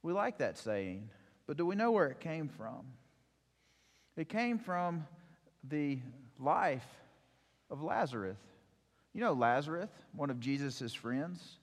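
A man giving a sermon, retelling a scripture story in a lively storytelling way with acted-out quotes. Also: fairly high pitch, slow pace, long pauses, big-room sound. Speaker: preacher.

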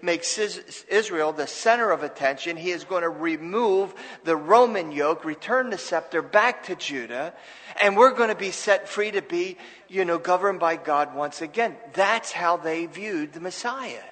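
A man's voice: high voice, unhurried, a bit bright, big-room sound, low-quality recording. A man preaching a sermon as pastor, earnest and conversational, with restarts and asides to the congregation.

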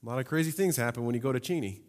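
A man preaching a sermon, reading scripture and explaining it in a lively, conversational way with humorous asides. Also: mid-range voice, racing. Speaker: pastor. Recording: long hall reverb.

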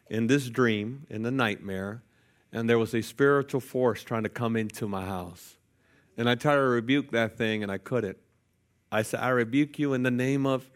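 A man preaching a sermon, telling a personal story with playful jokes to the congregation. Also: lowish voice. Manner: lively, jokey asides to the congregation. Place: church sanctuary.

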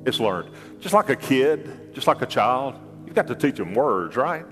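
At a moderate pace, an older man preaches as pastor, joking and animated, repeating himself and leaping up in pitch for asides. His voice carries a long reverb tail, and faint music plays behind him.

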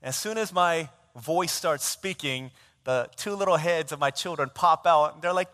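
A man preaching as a pastor, an animated, self-mocking storyteller, in a church sanctuary. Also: medium pitch, moderate pace. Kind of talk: sermon storytelling. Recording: long church reverb.

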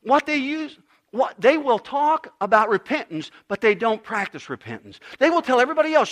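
Middle-aged guy preaching, really high voice, jumps all over the place, gets loud then goes quiet. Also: sing-song, moderate pace. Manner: emphatic preaching, swinging between loud and hushed. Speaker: pastor. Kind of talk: sermon.

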